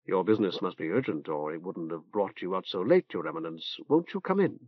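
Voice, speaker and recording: A man voicing an earnest young male priest who speaks softly and formally. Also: deep voice, expressive, fairly quick, dry recording, pitched below the performer's own voice. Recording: dull dry tape transfer.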